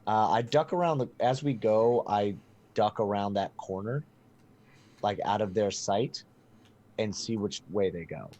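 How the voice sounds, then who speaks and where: A man's voice: fairly low pitch, a little slow, warm tone, muffled recording. A man playing a tabletop game, speaking in a casual, blunt way. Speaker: player.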